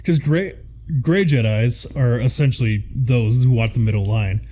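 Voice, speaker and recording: Mellow Midwestern man, rambling fan chat. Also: medium pitch, moderate pace. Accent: Midwestern American. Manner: rambling, enthusiastic, lots of fillers. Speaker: podcast co-host. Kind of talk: casual chat.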